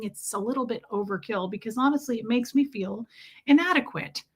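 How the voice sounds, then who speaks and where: A chatty, joking American woman in her forties greets viewers on her live stream. Her voice is bright and sits a little high. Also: moderate pace. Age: 40s. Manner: chatty, sarcastic, jokey. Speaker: livestream host. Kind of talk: casual live-stream chat reading viewer comments.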